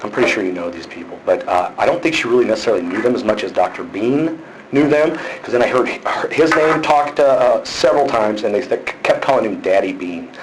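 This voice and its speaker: At a police station, a man with a mid-range, lively voice speaks fairly quickly, anxiously rambling through his complaint with lots of fillers and false starts. It's casual talk, picked up from a distance in a noisy, echoing room.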